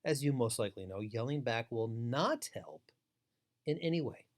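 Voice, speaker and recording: A man's voice: mid-range voice, lively intonation, moderate pace. Emphatic man giving a training webinar. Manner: emphatic, repetitive, instructive. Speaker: foster care trainer. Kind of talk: webinar lecture.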